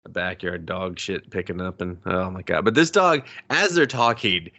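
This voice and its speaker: A man's voice: low voice, moderate pace, vocal fry. A man co-hosting a movie review podcast, casually retelling scenes and acting out lines with swearing and laughter. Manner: animated retelling with voiced quotes, swearing, laughing. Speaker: podcast co-host.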